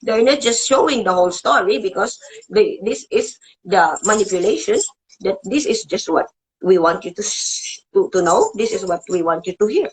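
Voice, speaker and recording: A woman hosting her own show, delivering an agitated, swearing political rant with emotional pitch swings and halting restarts. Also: animated, rough recording. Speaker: show host. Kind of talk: ranting political monologue.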